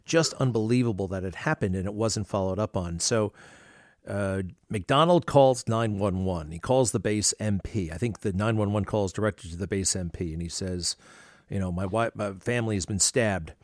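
Man, interview host, low voice, dry close sound, casual, rambling, hesitant. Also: moderate pace, a little mellow, no room sound. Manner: rambling, hesitant with many fillers.

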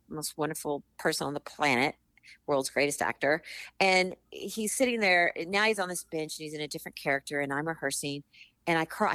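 A middle-aged woman, an actress and author, telling animated stories in an interview and acting out the people she quotes. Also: low-pitched, no echo. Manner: animated storyteller, acts out quotes. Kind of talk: interview conversation.

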